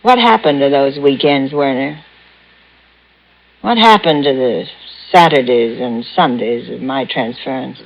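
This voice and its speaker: A woman's voice: extremely low pitch, unhurried, vocal fry, heavily acted. An actress in a 1950s radio drama playing a troubled woman patient who is bitterly in love with her psychiatrist. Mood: mocking. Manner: bitter, mocking, then pleading and sobbing. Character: unstable, lovesick woman patient in therapy. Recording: muffled old radio broadcast.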